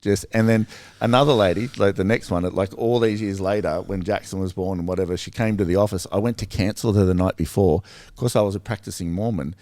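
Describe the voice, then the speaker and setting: Australian man, low-pitched, rambling storyteller, casual podcast chat, dry close sound. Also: fast talker, dry recording. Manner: rambling, animated storytelling with lots of fillers.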